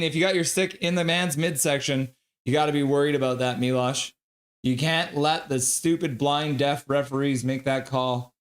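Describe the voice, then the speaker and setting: A man streaming live hockey play-by-play, excitable and profane, reading viewer chat aloud between calls. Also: mid-range voice. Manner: excitable, swears, reads chat comments aloud.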